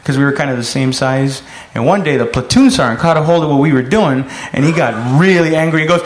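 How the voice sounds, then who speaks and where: A man telling a profane stand-up story and breaking into loud, shouted impressions. His voice sits high for a man. The recording is echoey and has a lot of noise. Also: quick pace, few pauses. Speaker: stand-up comedian. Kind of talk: stand-up routine.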